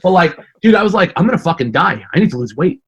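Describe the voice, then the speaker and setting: A man talking as a podcast guest, telling stories in a profane, animated way. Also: high voice, fast talker, breathy edge, highs cut off. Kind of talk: casual chat.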